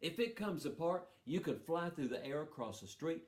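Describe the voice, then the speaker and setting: A man's voice: fairly high pitch, expressive, moderate pace, darkish tone, pitched above the performer's own voice, natural voice. A man doing a stern, fretful mother. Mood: scolding. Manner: firm, scolding, repeats "no". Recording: roomy hall sound.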